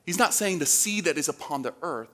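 On the high side and bright, with a forceful tone, lively intonation, and a fairly quick pace, a Dominican man preaches a sermon. He keeps it casual and conversational, often checking in with the congregation through questions.

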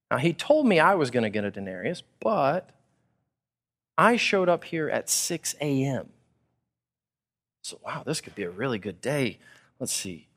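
A man from Texas, preaching a sermon and acting out people's thoughts in a casual, animated way. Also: medium pitch. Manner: animated, acts out listeners' thoughts in casual paraphrase. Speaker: pastor.

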